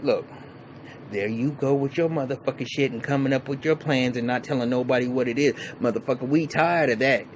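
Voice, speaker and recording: A man's voice: mid-range voice, fairly quick, slight background noise, rough recording. Profane, rambling man recapping a show. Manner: profane, rambling, many restarts and fillers. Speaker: TV show reviewer. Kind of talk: casual episode recap.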